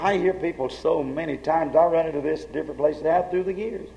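A man preaching a sermon with fervor, dropping to hushed lines and then rising to shouts. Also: fairly high pitch, a little fast, gravelly, rough recording.

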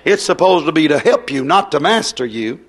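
A man's voice: a little high, big pitch swings, a little fast. A man preaching a fiery, folksy revival sermon.

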